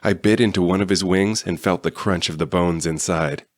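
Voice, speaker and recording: Deep-voiced guy reading a fan audiobook, steady, dry close sound. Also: normal speed, no room sound. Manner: steady storytelling. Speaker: audiobook reader. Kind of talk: first-person audiobook narration.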